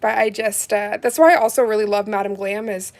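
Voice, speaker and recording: A woman hosting a nail polish livestream from home, chatting casually and reading out viewers' comments in a warm, gushing, heartfelt way. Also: mid-range voice, steady tone, fairly quick. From Canada.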